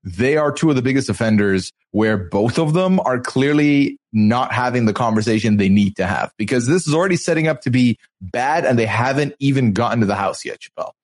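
Animated man hosting a recap chat. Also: mid-range voice, a little fast, hardly any pauses. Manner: animated storyteller, acts out quotes. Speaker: podcast host.

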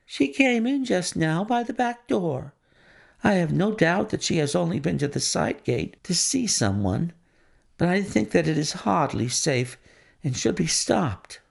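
A man reading an audiobook, voicing a dutiful young niece with a raised, gravelly voice. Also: sits high, sing-song, a little slow, full character voice. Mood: concerned.

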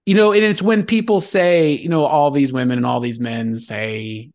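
A man co-hosting a podcast in casual chat, relaxed and talkative, acting out what people say. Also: mid-range voice, normal speed. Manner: relaxed, chatty, acts out quotes. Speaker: podcast co-host.

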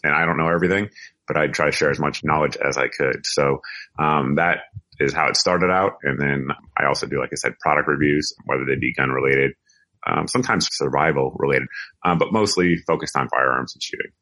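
A man's voice: rumbling low, a little fast, sharp tone. A middle-aged American man, a podcast guest, talking casually and rambling through his story with frequent restarts. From United States. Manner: rambling, self-correcting storyteller. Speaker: podcast guest, firearms video reviewer. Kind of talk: casual interview talk.

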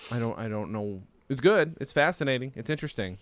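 A man hosting a podcast in casual chat, animated and swearing freely, his pitch jumping up and down and laughs breaking in. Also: quick pace. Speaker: podcast host.

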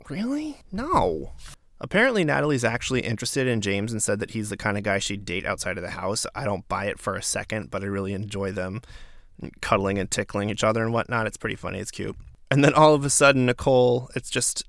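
Man, low voice, gravelly, sarcastic, opinionated recap, dry close sound. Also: dry recording. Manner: opinionated, sarcastic, animated asides. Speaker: reality show recapper. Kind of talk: casual recap commentary.

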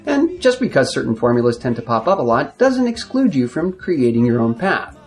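A man hosting a podcast, reading a measured, reflective scripted introduction. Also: medium pitch, big pitch swings, faint music behind. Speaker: podcast host.

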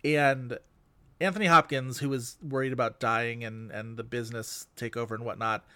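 A man's voice: medium pitch, fairly even intonation, normal speed, pushed and bright, no echo. A man chatting on a movie podcast, gossipy and full of asides. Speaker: podcast co-host. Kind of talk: casual movie podcast chat.

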